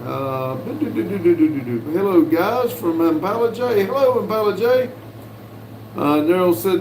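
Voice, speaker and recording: A man from the United States hosting a casual livestream, reading viewers' messages aloud in a folksy, unhurried way with lots of "uh"s. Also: high-pitched, lively intonation, darkish tone, slight background noise. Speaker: livestream host reading chat. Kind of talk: casual live chat. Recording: roomy with faint background ambience.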